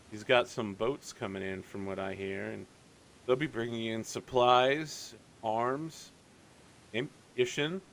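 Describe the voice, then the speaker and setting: A man's voice: lowish voice, vocal fry, a bit bright, a little hiss or hum, full character voice. A man voicing a shrewd, mercenary male tavern informant who talks in a smug, sly way.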